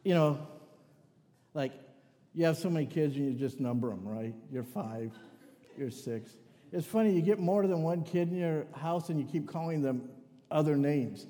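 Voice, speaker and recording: A man's voice: on the high side, normal speed, mellow. An older man preaching a sermon, telling family stories with joking asides. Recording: long hall reverb.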